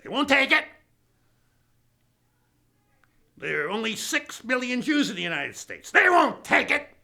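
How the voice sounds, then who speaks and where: A man's voice: high-pitched, huge pitch swings, moderate pace, vocal fry, bright, forceful tone, pitched above the performer's own voice, heavily acted. A man putting on a whining, indignant rich man who repeats himself in outrage.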